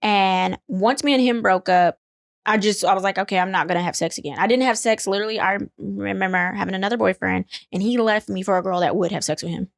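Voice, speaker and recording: A young adult woman co-hosting a casual chat, telling stories in an animated way, acting out quotes with big jumps in pitch and laughter. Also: fast, gravelly, no echo, studio quality. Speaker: podcast co-host.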